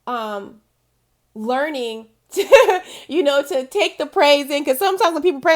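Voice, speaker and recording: High-voiced woman giving emphatic encouragement. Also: measured pace. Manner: emphatic and encouraging, repeats key phrases; laughs often while talking. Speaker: intuitive spiritual guide. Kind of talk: motivational talk to camera.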